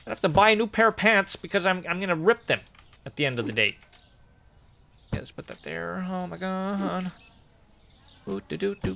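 Young male streamer, gravelly voice, slightly high, frantic self-talk while playing, faint noise behind. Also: big pitch swings, fairly quick, bright, forceful tone. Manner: chatty, frantic, talks to himself and the game customers. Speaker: gaming streamer. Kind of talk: casual let's play commentary.

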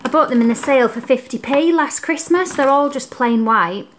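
This lifestyle vlogger, a young woman with a high-pitched voice, talks at a moderate pace over slight background noise. She chats upbeat and casually to camera about her home and Christmas tree, using lots of ums, recorded on a camera mic in a roomy living room.

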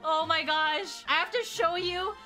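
A young woman streaming a puzzle game, excitable and thinking aloud as she goes, often counting under her breath. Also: very high voice, unhurried. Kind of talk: live game stream chat. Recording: background music under voice.

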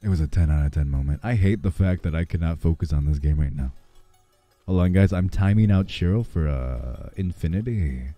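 A man livestreaming, a bit hoarse, rambling and joking casually with his chat. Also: low voice, brisk, dark tone, faint music behind.

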